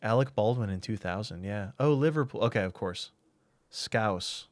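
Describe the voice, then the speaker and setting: A man's voice: on the low side, animated, moderate pace, no echo. A man streaming a game, chatting casually and thinking aloud while he answers chat.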